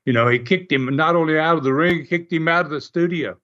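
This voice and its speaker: Fields: Sex: man. Role: storyteller. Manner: animated, laughing. Pitch: somewhat high. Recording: muffled lo-fi. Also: quick pace. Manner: animated, laughs often, acts out quoted voices. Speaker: guest recounting wrestling TV history. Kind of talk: casual storytelling. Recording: muffled lo-fi audio.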